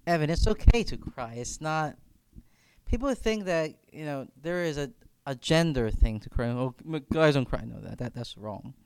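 A man's voice: on the high side, expressive, normal speed, darkish tone, smooth, no echo. A man leading a reflective faith discussion as campus minister, speaking earnestly and often repeating words as he thinks aloud.

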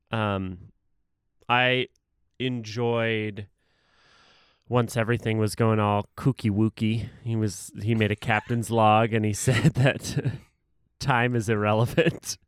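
A man's voice: medium pitch, slow pace, long pauses, clear, resonant tone, no room sound, studio quality. A young man co-hosting a podcast in casual chat, joking and laughing often. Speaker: podcast co-host.

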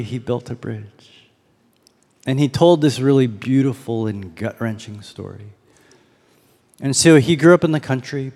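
A man's voice: mid-range voice, a little mellow. A man giving a sermon as a pastor, in a casual storytelling manner that leans on rhetorical questions. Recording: long hall reverb.

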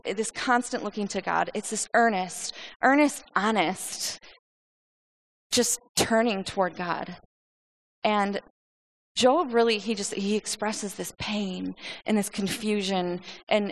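A woman giving earnest Bible teaching, often repeating and restarting her words as she explains. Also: medium pitch.

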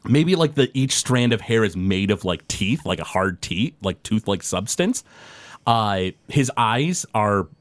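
A man's voice: lowish voice, sing-song, measured pace, dry recording. Guy gm narrating a tabletop game, rambly w lots of "like", dry mic. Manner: loose, descriptive narration with many fillers. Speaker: game master.

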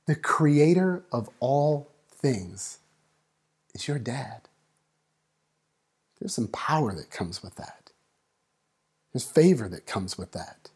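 A man preaching a sermon, building up and dropping to a hush, acting out voices in the story. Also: medium pitch, animated, slow pace, long pauses, husky. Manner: dynamic preaching, swings from loud to hushed. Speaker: pastor.

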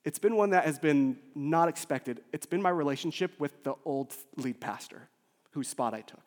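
A man, a lead pastor, preaching a sermon with emotional swings from loud urgency to soft near-whispers. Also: fairly high pitch. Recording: long hall reverb.

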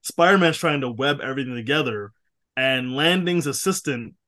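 A man's voice: mid-range voice, expressive, moderate pace, pushed and bright, no echo, studio quality. A man co-hosting a podcast, recapping a cartoon episode in laid-back, joking chat with swearing and frequent laughs. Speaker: podcast co-host. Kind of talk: casual comic recap chat.

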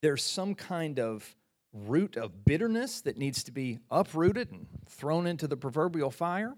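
A middle-aged man preaching a sermon in a conversational, animated way, often repeating phrases and restarting sentences. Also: fairly high pitch, unhurried. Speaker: pastor.

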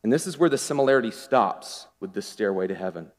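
A man preaching a sermon in a lively, conversational way, asking the congregation questions as he goes. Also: on the low side, fast. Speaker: pastor. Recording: long hall reverb.

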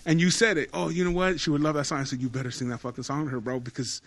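A man's voice: a little high, level tone, racing, fairly bright tone. A man co-hosting a podcast, talking in an earnest, profane, encouraging way. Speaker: podcast co-host. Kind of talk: casual chat.

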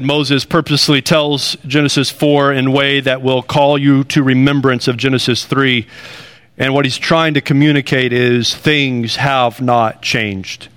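A man's voice: mid-range voice, pushed and bright. A man preaching a sermon in an earnest, conversational way, building emphasis with rising phrases. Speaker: pastor.

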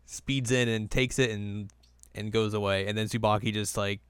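A man co-hosting a casual chat, recapping episodes in a playful way with quick silly voices. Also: on the low side, fairly even intonation, a bit bright, smooth, no room sound. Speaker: podcast co-host recapping an anime.

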